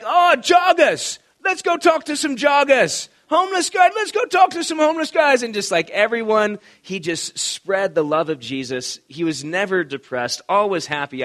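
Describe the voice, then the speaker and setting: A man's voice: medium pitch, a bit bright. A male pastor preaching a sermon in a conversational, storytelling manner. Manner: conversational, storytelling with quoted voices.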